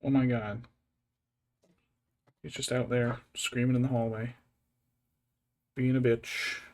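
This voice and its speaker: A man's voice: mid-range voice, level tone, slow. Man chatting on a stream, mid-range voice, rambling, muttering to himself and his cat, wry mock-drama, casual. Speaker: miniature painting streamer. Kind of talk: casual livestream chat while working.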